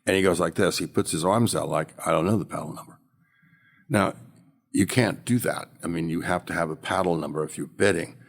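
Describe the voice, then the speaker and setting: An older man, a former auctioneer, telling animated anecdotes as an interview guest. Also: low-pitched, fairly quick, vocal fry. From United States. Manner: animated storyteller, acts out quotes.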